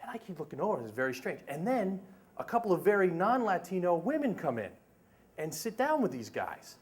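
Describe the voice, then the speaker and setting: A middle-aged man spins a humorous tale for a live story slam. His voice sits a little high and swoops around animatedly, full of chatty asides. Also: big pitch swings, a little fast.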